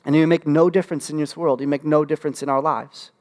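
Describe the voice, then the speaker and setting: A man preaching a sermon as pastor, animated and humorous, with frequent restarts and fillers. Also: on the high side, fast talker. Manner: animated, humorous asides with rising excitement.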